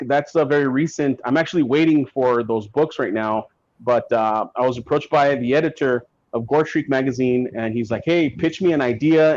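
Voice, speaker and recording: A man guest on a podcast, telling stories in a casual, animated way and acting out what others said. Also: medium pitch. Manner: animated, acts out quotes from people in his stories. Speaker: guest comic writer. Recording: dull lo-fi sound.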